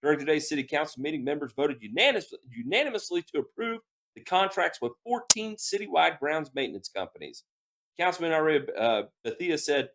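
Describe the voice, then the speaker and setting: A man co-hosting a podcast, reading news items aloud at a middling pitch. He slips easily from the news copy into lively side stories from his own work. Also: fast talker. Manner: animated, breaks into personal anecdotes. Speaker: podcast co-host.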